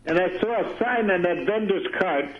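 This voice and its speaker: An older man spins a folksy, rambling story. His voice sits a bit high. It comes through a dull, lo-fi radio clip. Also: normal speed. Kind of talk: archival radio anecdote.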